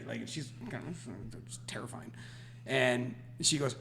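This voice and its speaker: A podcast co-host with a mid-range voice at normal speed tells a story in casual chat, animated and laughing as he goes. There's slight background noise.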